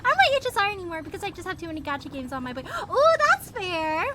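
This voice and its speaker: A woman's voice: extremely high pitch, very animated, fast, heavy background noise. A woman streamer chatting casually with her live chat, bubbly and giggly, greeting viewers by name, her voice still recovering from strain. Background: game music.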